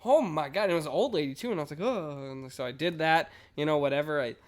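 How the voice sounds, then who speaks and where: A man's voice: a little high, fast talker. A young man from Las Vegas co-hosting a podcast, telling stories casually and acting out what people said. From Las Vegas, USA. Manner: animated storyteller, acts out quotes; casual, heavy filler words. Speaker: podcast co-host. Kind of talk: casual chat.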